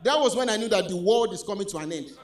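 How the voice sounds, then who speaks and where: A Nigerian man with a Nigerian accent doing a stand-up comedy set on stage, animated, swinging between loud punchlines and low asides. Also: quick pace. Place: comedy club stage with a live audience.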